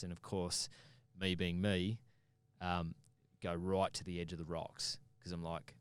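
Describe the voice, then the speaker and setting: A man telling an animated, sweary story in casual podcast conversation. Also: low-pitched, unhurried, smooth, no echo. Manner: animated, swears freely, acts out his own shouts. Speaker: podcast guest.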